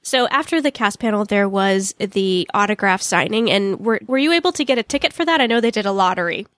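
A woman's voice: medium pitch, lively intonation, brisk, a bit bright, no room sound. A woman co-hosting a podcast, asking her co-host a short question.

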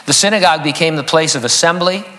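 A man's voice: on the high side, quick pace, pushed and bright. A man preaching an expository sermon as a pastor, earnest and teaching, reading scripture aloud.

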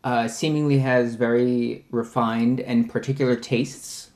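A man chatting casually as a podcast co-host, joking and trading quick asides. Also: mid-range voice, little pitch movement, darkish tone. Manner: jokey, quick with asides and laughs. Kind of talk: casual chat.

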